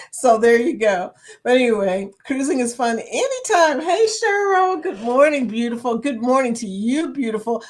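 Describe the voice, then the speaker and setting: A woman's voice: sits high, lively intonation, a little slow, pauses often. A woman hosting a casual live-stream chat, talking to viewers by name and laughing often. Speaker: livestream chat host.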